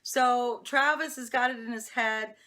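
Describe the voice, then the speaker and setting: Woman, casual episode recap, talks to viewers, bright tone, somewhat high pitch. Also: steady tone, unhurried. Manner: chatty, opinionated, talks straight to viewers. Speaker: TV show reviewer.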